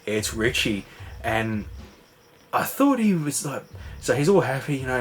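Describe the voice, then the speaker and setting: A man's voice: medium pitch, sing-song, a little slow, slight background noise. A man rambling through a casual recap, full of fillers and swearing. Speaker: vlogger. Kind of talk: casual late-night recap chat.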